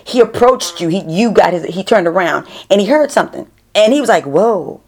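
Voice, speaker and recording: A woman's voice: mid-range voice, a little fast. Chatty woman interviewer telling stories. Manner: chatty, animated storytelling with many restarts. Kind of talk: casual interview chat.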